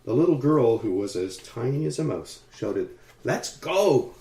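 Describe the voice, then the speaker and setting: A man narrates an audiobook in a calm, measured way. His voice is mellow and warm, and the reading sits in a roomy, echoing space. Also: mid-range voice, creaky. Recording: roomy echo.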